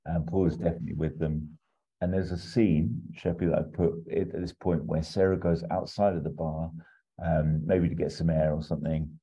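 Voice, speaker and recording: A man's voice: rumbling low, steady tone, moderate pace, warm tone, husky. A man casually talking through an imagined film plot as a podcast host, rambling with lots of ums and asides. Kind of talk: casual chat. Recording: dull, muffled audio.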